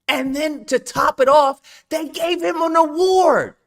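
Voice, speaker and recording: A man's voice: very high voice, slow, vocal fry, few pauses. A man hosting a casual chat, telling a story with emphasis and acting out what others said. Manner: animated, emphatic storyteller who acts out quotes. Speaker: show host.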